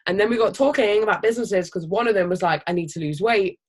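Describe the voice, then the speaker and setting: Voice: medium pitch, quick pace. Emphatic, swearing team leader's pep talk. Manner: emphatic, casual, swears freely; animated, energetic. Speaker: team leader of a health business. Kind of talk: motivational team training talk.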